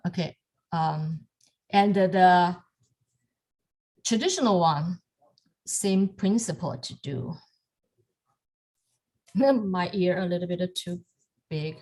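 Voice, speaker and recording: A woman teaching calligraphy over a video call, with halting phrasing and frequent restarts. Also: on the low side. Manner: halting, many fillers and restarts, soft laughs. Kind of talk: online lesson demonstrating strokes.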